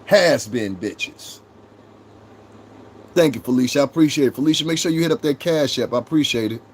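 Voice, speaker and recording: A man's voice: a little high, rapid-fire, darkish tone, slightly rough. A man with a New York accent in his thirties, hosting a casual livestream, brash and profane as he talks straight to his chat. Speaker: livestream host.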